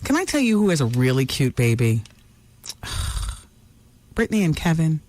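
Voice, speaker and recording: A woman's voice: deep voice, sing-song, unhurried, a little mellow. A woman hosting a talk radio show, dishing celebrity gossip in a brassy, teasing manner.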